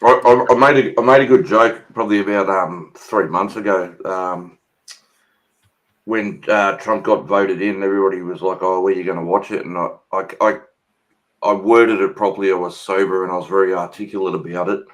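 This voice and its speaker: A man in casual chat, telling an animated story with stammers and frequent laughter. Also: low voice, moderate pace, poor audio.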